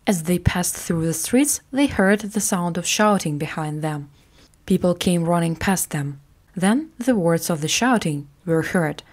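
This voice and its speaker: A woman teacher narrating a classic story in a slow, clear, careful way for English learners. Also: on the low side, lively intonation.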